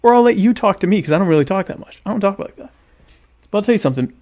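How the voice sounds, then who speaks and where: Guy hosting a live show, gravelly, kinda high voice, goofing around and reading the chat. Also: lively intonation, very fast, darkish tone. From United States. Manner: joking, mock-indignant, reads chat comments aloud. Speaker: podcast host. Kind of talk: casual live-stream chat.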